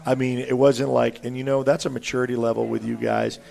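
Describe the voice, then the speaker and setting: A man's voice: medium pitch, little pitch movement, brisk, creaky, darkish tone. A man hosting a local sports show from a restaurant, chatting casually with players and coaches. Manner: chatty, asks players questions, trails off. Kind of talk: casual interview. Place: restaurant in a mall.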